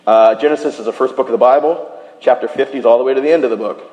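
A man preaching a sermon, retelling a scripture story in animated style and dropping to a hushed voice for quoted lines. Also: mid-range voice, racing, lo-fi sound. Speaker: pastor. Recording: echoey hall.

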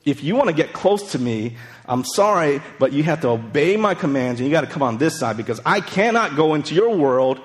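A man's voice: on the high side, very animated, fairly quick, big-room sound. A man in his forties preaching a casual, conversational sermon, telling stories and checking in with frequent asides. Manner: chatty, storytelling, frequent "right?" asides. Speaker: pastor.

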